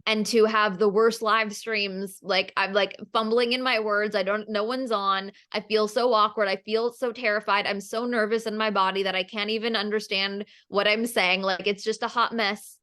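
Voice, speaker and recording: Woman, business coach, video call, energetic, emphatic, repeats phrases. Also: mid-range voice, moderate pace, hardly any pauses. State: emotional, near tears.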